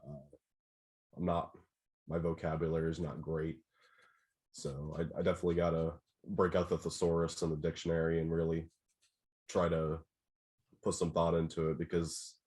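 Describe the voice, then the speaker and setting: A man in a band, a guest in an interview, speaking in a modest, halting, thoughtful way. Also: a bass voice, completely flat delivery, darkish tone. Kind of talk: casual interview chat.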